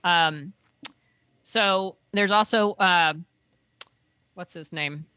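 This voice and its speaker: Bright-voiced woman rambling through a recap. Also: lowish voice, very slow, clean tone, dry recording. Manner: rambling, trails off searching for names. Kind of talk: casual chat recapping a TV episode.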